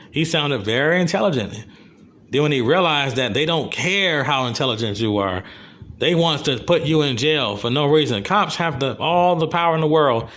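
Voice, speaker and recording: A man's voice: fairly high pitch, a bit bright. An American man delivering a rambling, impassioned video commentary, repeating himself as he goes. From USA. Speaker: vlogger.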